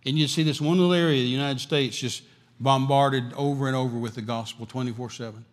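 A man preaching a sermon, emphatic and repetitive, swinging between loud and quiet. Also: mid-range voice, fairly even intonation, fast, in a large hall.

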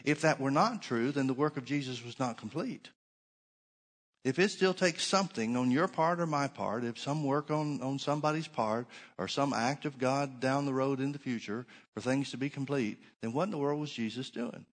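A middle-aged male pastor preaching a Bible sermon, stressing key phrases by slowing down and repeating them. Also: mid-range voice. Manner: preaching with shifting emphasis, slows to stress points.

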